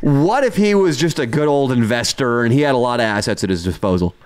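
A man's voice: medium pitch, animated, fast, darkish tone. A young man co-hosting a podcast, joking crudely in a mock-serious, showy way. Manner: mock-serious, showman bluster. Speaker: podcast co-host. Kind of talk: crude comedic podcast banter.

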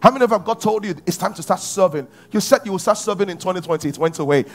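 A man's voice: high voice, racing. A man preaching a sermon as pastor, building intensity with repeated rhetorical questions. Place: church.

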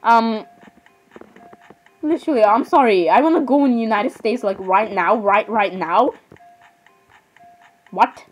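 A woman's voice: fairly high pitch, measured pace, pauses often, dull audio, faint music behind. A teenage girl chatting casually on her vlog, rambling and dramatic, full of restarts and repeated apologies. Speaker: vlogger.

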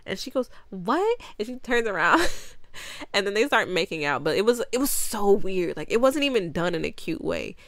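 A woman's voice: mid-range voice, lively intonation, fairly quick, dry recording, clean studio sound. A woman giving a casual, rambling movie recap, exasperated and often laughing, acting out the characters' lines as she goes. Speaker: movie reviewer.

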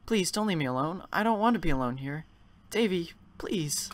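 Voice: expressive, normal speed, natural voice. A game player voicing an elderly, confused mother who shrieks in fright and clings to her son. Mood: pleading. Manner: shrill, shrieking when scared, pleading. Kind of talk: voiced game dialogue.

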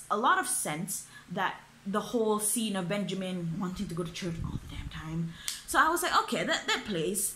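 A woman's voice: medium pitch, a bit bright, slight background noise. Exasperated young woman ranting. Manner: exasperated, swearing, many fillers. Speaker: book reviewer. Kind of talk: ranting book review. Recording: echoey room.

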